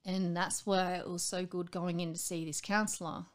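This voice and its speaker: A woman's voice: fairly low pitch, level tone, normal speed. A woman in her late thirties, a guest speaking frankly and at length in a personal conversation, often acting out what others said. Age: late 30s. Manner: frank, rambling, acts out quoted voices. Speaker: interview guest.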